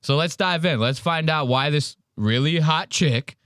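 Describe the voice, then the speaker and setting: A man's voice: a little high, unhurried, a bit bright, no echo, studio quality. A man hosting a podcast, reacting to clips in a casual, profane, wry way. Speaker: podcast host.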